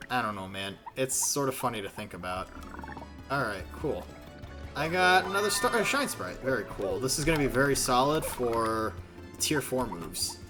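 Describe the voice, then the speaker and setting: Rambling, self-deprecating male streamer. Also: medium pitch. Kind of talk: casual gaming stream commentary.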